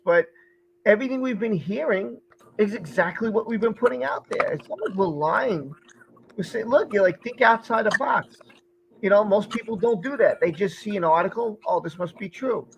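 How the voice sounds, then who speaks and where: Gravelly laid-back male stream host. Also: high voice, expressive, moderate pace, highs cut off, slight background noise. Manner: laid-back, reassuring, repeats himself. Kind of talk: casual livestream chat.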